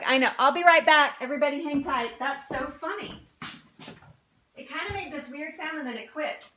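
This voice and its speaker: Woman, cooking host, chatty, cheerful, laughs often, higher-pitched, home kitchen. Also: animated, moderate pace, background noise. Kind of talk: live cooking demonstration.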